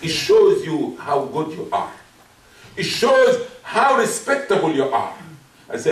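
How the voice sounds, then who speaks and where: A man's voice: a little high, sing-song, measured pace. A man preaching a Friday sermon, emphatic and repeating his key points. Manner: acts out soft apologetic asides. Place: mosque hall. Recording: roomy, distant mic.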